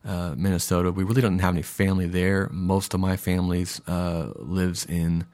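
A man's voice: low voice, level tone, normal speed, a little mellow. A man in his thirties hosting a casual podcast monologue, rambling and digressing with lots of fillers. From Florida, USA. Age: 30s. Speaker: podcast host.

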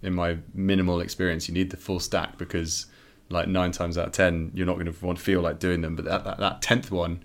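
A man's voice: low-pitched, level tone, a little fast, few pauses. A man chatting as a podcast guest, thoughtful and musing. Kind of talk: casual conversation.

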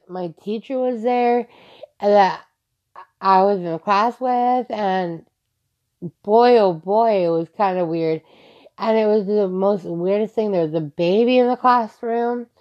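A woman's voice: mid-range voice, a little mellow. A young woman hosting a casual solo podcast, rambling loosely with lots of "like" and the odd swear word. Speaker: podcast host. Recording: slightly dull lo-fi recording.

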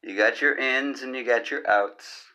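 A man's voice: mid-range voice, unhurried, pushed and bright. A man hosting his own comedy podcast, talking in a rambling, awkward, jokey monologue. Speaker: podcast host. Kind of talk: casual comic monologue.

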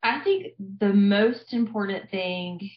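A woman's voice: mid-range voice, lively intonation, slow pace. Earnest woman therapist in echoey room. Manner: earnest, explanatory, lots of fillers. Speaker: family therapist guest. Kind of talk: conversational interview. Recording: echoey, dull lo-fi sound.

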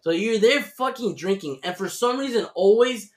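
A man's voice: high voice, lively intonation, moderate pace. A man hosting a podcast, ranting through a story with heavy swearing and acted-out voices. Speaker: podcast host. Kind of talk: casual storytelling rant.

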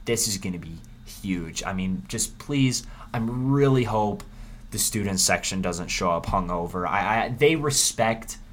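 A man hosting a casual sports preview, rambling and animated with frequent restarts. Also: fairly low pitch, unhurried, slight background noise. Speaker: sports podcast host.

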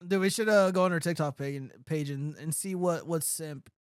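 A man's voice: fairly high pitch, moderate pace, smooth, dry recording, clean studio sound. A man hosting a crude comedic podcast, reading comments aloud and mocking them in casual banter. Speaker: show host.

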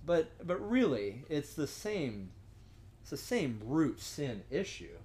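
A man's voice: a little high, expressive, measured pace, a little mellow, slight background noise. Earnest young man teaching scripture. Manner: earnest, conversational, many restarts and "right?" asides. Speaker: discussion leader. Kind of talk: sermon-style teaching.

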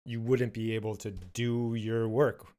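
A young adult man hosting a podcast interview, thinking out loud in a reflective, hesitant way with many fillers. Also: lowish voice, little pitch movement, a little slow. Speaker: podcast host. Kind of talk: casual interview talk.

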